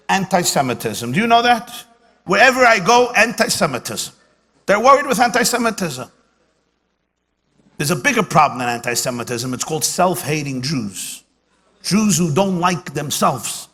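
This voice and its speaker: This rabbi's high-pitched, fairly bright voice moves at a normal speed with lively intonation as he gives a funny dinner lecture full of jokes and stories. Punchy comic timing and repeated lines drive his delivery, and the banquet hall's live sound brings long reverb and faint background noise.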